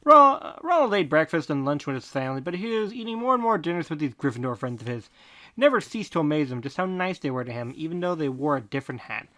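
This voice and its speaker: A podcast host reading fan fiction aloud in a deadpan tone, breaking off for snarky comments. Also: medium pitch, fast. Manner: deadpan reading broken by snarky asides and laughter. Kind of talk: comic fanfic reading with asides.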